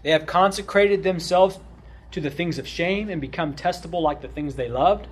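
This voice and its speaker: A man teaching through a book of scripture, animated, often checking in with "right?" and moving between loud emphasis and quiet asides. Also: fairly high pitch, moderate pace, breathy edge. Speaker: Bible teacher. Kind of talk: expository Bible teaching.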